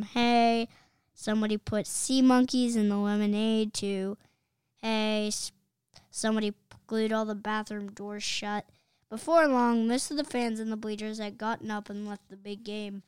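A woman's voice: mid-range voice, fairly even intonation, moderate pace, clean tone, no echo. Woman reading a children's book aloud. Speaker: reader.

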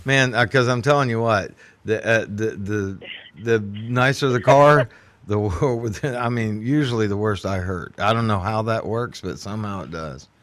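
A man, chatting as a host and telling animated, laughing stories. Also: fairly low pitch, normal speed, dry recording. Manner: animated storyteller, laughs often. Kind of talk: casual group chat.

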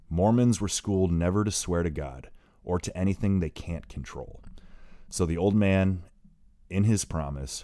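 A male narrator with an extremely low voice reads an audiobook in an even, steady way, pausing to fix the odd slip. The recording is close and dead dry. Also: no echo. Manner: steady reading with occasional slips and self-corrections.

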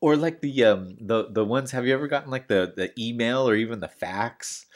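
A man's voice: medium pitch, normal speed. A man in casual podcast chat, telling rambling stories full of "like" and restarts, with the odd swear.

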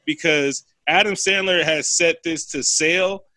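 A man's voice: a little high, measured pace, pushed and bright, no echo. A man in casual chat, animatedly retelling a film plot with profanity and acted-out quotes. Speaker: podcast co-host.

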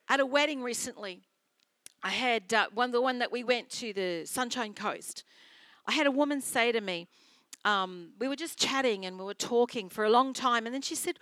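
A woman's voice: a little high, a little slow, sharp tone, no room sound. An Australian woman pastor preaching a sermon in an earnest, storytelling way, repeating her phrases for emphasis.

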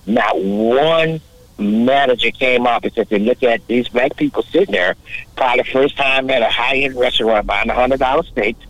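A man's voice: mid-range voice, no echo, low-quality recording. A man, talking in an impassioned, preachy way in a casual chat.

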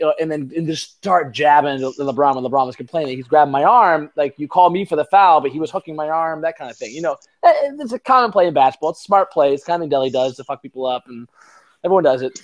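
A man's voice: fairly high pitch, lively intonation, fast. Rambling, profane man talking basketball. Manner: rambling, profane, many fillers and restarts. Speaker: podcast co-host. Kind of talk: casual sports chat.

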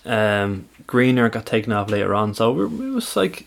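A man's voice: lowish voice, big pitch swings, moderate pace, vocal fry. Chatty man talking football. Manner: chatty, laughs often, many fillers. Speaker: podcast co-host. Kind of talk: casual football chat.

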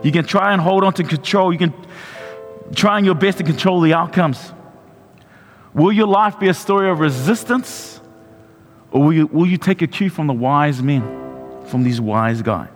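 A man's voice: sits high, normal speed, long pauses. A man, a pastor preaching a sermon and telling a personal story, often restarting and repeating his words. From New Zealand. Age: 40s. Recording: long hall reverb with music behind.

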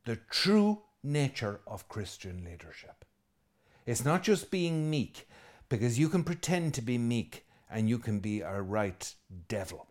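Irish priest preaching a lively sermon. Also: male voice, mid-range voice, unhurried. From Ireland. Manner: lively and conversational, with asides and jokes; emphatic, repeating key phrases.

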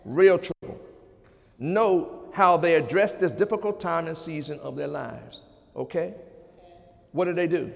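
High gravelly preacher in a reverberant hall. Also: male voice, unhurried. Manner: fervent, repeats phrases, swings from loud to hushed. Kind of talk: sermon with scripture reading.

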